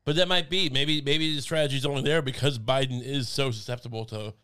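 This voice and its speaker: A man's voice: medium pitch, steady tone, brisk, sharp tone, clean tone. A young man co-hosting a casual comedic podcast chat, rambling with stammered restarts and silly put-on voices. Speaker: podcast co-host.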